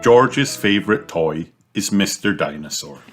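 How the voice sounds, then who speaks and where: Deep-voiced man reading a children's book. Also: music in the background. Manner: slow expressive storytelling. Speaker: storybook reader. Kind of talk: children's book read aloud.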